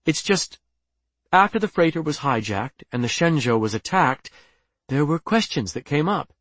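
An earnest, persistent woman officer, put on by a male reader of an audiobook. She pleads and insists, her pitch pushed up and rising as she presses. The recording is close and dry. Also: sing-song, moderate pace, a bit bright, no room sound. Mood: insistent.

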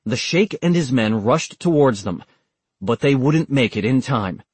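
Male audiobook narrator, husky and dry, steady measured read. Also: medium pitch, no room sound. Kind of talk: scripted narration.

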